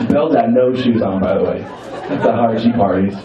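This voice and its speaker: A man's voice: medium pitch, fairly quick, far from the mic, background noise. A young man doing a stand-up comedy set in a club, playful and teasing with the crowd, swearing freely. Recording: roomy club sound from afar, dull. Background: audience laughter.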